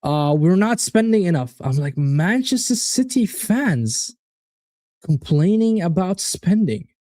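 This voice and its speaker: Casual male stream host, animated and profane, warm dark tone, dry booth sound. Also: high-pitched, takes it slowly, no room sound. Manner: animated, swearing, reads out chat predictions. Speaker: watchalong host. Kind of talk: casual live-stream football chat.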